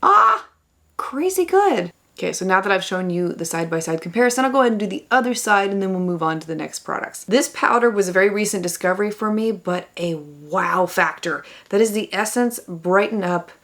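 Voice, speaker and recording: Enthusiastic woman beauty vlogger walking through a makeup look, with a little vocal fry. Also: on the low side, quick pace, hardly any pauses, fairly bright tone. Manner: enthusiastic, exclaiming over products. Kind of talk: makeup tutorial talk to camera.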